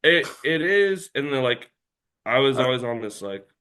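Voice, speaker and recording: A man's voice: medium pitch, big pitch swings, normal speed, sharp tone, smooth. A man telling a long story as an interview guest in a casual chat, rambling and packed with filler words.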